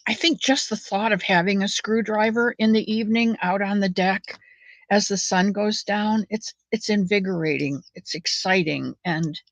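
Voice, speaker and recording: A woman hosting a knit-along, chatting in a rambling, folksy way with soft muttered asides while she knits. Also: mid-range voice, moderate pace, no echo, low-quality recording. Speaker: knitting channel host. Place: at home, knitting.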